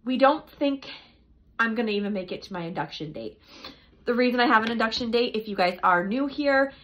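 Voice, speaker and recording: Young woman vlogging, bright tense voice, kinda breathless, rambly, muffled lo-fi sound. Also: a little high, animated, brisk. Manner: chatty, rambling, repeats herself. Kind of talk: casual pregnancy update vlog.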